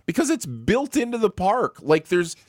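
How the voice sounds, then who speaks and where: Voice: medium pitch, sing-song, moderate pace, noisy background. A co-host in casual chat, opinionated and chatty, reading viewer comments aloud.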